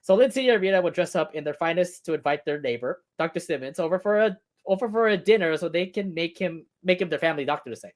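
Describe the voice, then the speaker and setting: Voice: mid-range voice, quick pace, hardly any pauses. A co-host of a cartoon review stream, recapping episodes in casual chat and laughing often between points.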